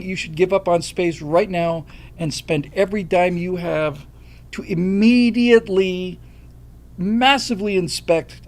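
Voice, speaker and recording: An older American man hosts a livestream in a high voice with a darkish tone. His talk is casual and opinionated, blunt and emphatic, and he reads out viewer donations and thanks the donors.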